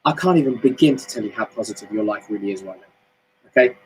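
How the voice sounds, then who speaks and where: A man with a British accent giving a chatty, animated motivational talk on a home live stream, often jumping up high in pitch. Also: fast, a little hiss or hum, poor audio. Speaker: motivational speaker. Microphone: home live stream mic.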